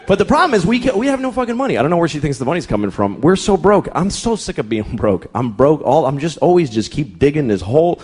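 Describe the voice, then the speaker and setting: A middle-aged man doing stand-up comedy, profane and exasperated, jumping into quick acted-out characters. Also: on the high side, sing-song, darkish tone, slightly rough. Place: comedy club stage. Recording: live club set with audience laughter and noise. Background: audience laughter and room noise.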